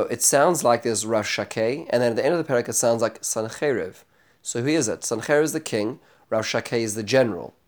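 A man teaching a scripture class in a lively, animated way. His voice sits at an ordinary middle pitch. He often stops, restarts and corrects himself as he explains. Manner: animated, dramatic when retelling speeches; frequent restarts and self-corrections. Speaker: Bible teacher. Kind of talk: spoken lecture on scripture.

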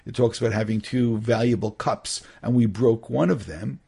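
A middle-aged man with a husky, gravelly voice teaches a Torah study class. He talks in a lively way, acting out short exchanges and often restarting his sentences. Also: mid-range voice, normal speed. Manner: animated, acts out little dialogues, many restarts.

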